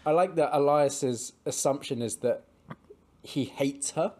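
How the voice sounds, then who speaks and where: A man's voice: on the high side, a little mellow. Joking male podcast co-host. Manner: joking, loose, quick agreeing asides. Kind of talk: casual chat about a book.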